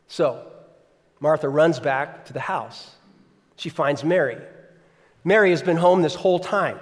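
High-voiced man preaching in a reverberant hall. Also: unhurried, pauses often. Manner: conversational, asks the congregation questions. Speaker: pastor. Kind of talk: sermon. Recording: long reverb of a large hall.

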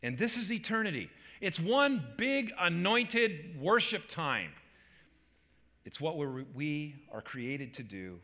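A man's voice: on the high side, sing-song, slow pace, bright, forceful tone, in a large hall. A man preaching a sermon as a pastor, earnest, with repeated restarts and emphatic peaks.

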